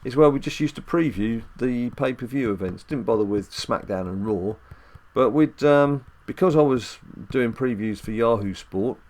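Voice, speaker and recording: Dad chatting thru a mobile game at home, rambly and jokey, lots of ums. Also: male voice, medium pitch, moderate pace, hardly any pauses, darkish tone. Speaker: dad gaming channel host. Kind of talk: casual let's-play commentary.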